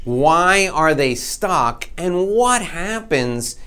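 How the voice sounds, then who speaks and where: A man giving a sales training talk, telling an energetic, self-mocking story in a conversational way. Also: fairly high pitch, drawn-out words, smooth.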